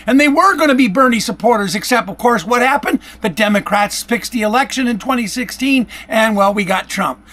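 High-voiced man ranting angrily. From Michigan, USA. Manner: heated, yelling, accusatory, repetitive. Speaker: vlogger. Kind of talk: angry political rant to camera. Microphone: camera-facing, self-recorded.

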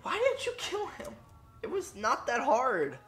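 A gamer doing live gameplay commentary, ranting profanely at the match and bursting into excited yelling. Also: high-pitched, a little slow, soft background music. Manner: profane, frustrated ranting at the game.

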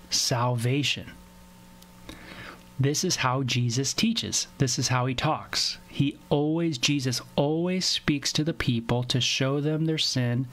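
A man's voice: mid-range voice, a bit bright. A man giving a casual, conversational Bible teaching from home, now and then acting out short scenes in other voices. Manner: conversational, acts out little skits with voices.

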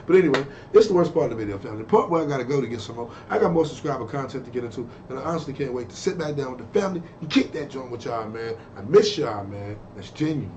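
A man's voice: mid-range voice, lively intonation, very fast, hardly any pauses, darkish tone, highs cut off, slight background noise. A man hosting a reaction channel, talking casually to his viewers in a laid-back way. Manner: laid-back, talks straight to viewers, keeps saying "man".

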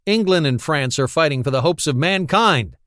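A frantic French pacifist rants and shouts at soldiers, as a male reader puts him on. The voice leaps high and climbs with his fury. The recording is dry and close. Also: lively intonation, normal speed, dry recording. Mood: ranting. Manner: shouting, agitated.

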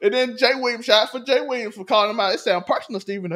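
A man's voice: high-pitched, rapid-fire, fairly bright tone. A man in his thirties hosting a podcast, chatting casually and animatedly, laughing often and acting out quotes. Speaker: podcast host. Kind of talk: casual chat.

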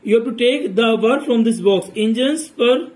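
A man with a very high voice works through grammar exercises as a teacher. He reads each sentence aloud and explains the answer in a steady, methodical manner. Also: normal speed, rough recording.

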